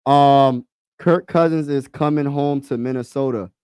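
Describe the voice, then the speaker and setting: A man hosting a casual sports talk livestream, excitable and slangy, repeating himself and talking to his chat. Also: medium pitch, a little slow, clear, resonant tone, dry recording, studio quality.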